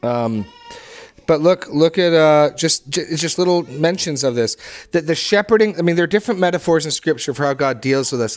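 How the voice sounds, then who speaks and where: A man leading a Bible study discussion, enthusiastic and emphatic, often restarting and repeating words as he teaches. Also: medium pitch. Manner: emphatic when stressing scripture phrases.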